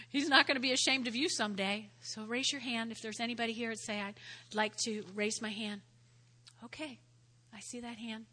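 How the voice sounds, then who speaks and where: A woman pastor giving a sermon and altar call, earnest, often repeating her words and turning soft and prayerful. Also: fairly high pitch, fairly even intonation, a little fast.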